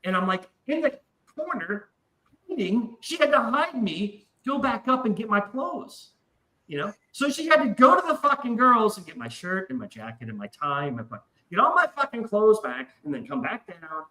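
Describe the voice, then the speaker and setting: This podcast guest has a high voice and speaks at normal speed, recorded roughly with a roomy sound. Animated and profane, he casually recounts a wild story and acts out the voices of everyone in it.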